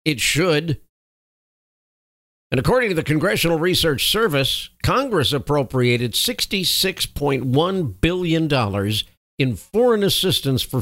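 A man's voice: a little high, fairly bright tone, no echo, clean studio sound. A man from the United States delivering an opinionated news commentary monologue, reading reports and adding emphatic asides. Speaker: political commentator.

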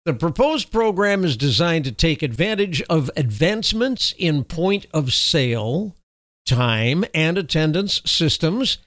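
A man hosting political commentary, reading news items in a formal, steady way and breaking off into sarcastic, scornful remarks. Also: on the high side, no echo. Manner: sarcastic, scornful asides with chuckles; reads official text in a steady, formal delivery.

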